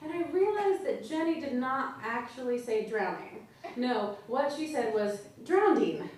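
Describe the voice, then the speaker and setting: A woman's voice: on the high side, lively intonation, measured pace. A woman author giving a live reading of her own wry, comic prose to an audience at a literary event. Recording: roomy live hall, mic far off, loud audience.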